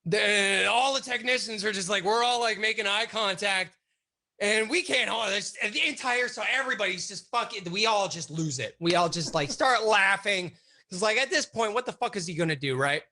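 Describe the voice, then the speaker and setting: Guest, male, swearing storyteller, bright ringing tone. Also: high-pitched, normal speed. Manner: animated, profane, lots of fillers. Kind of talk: casual storytelling.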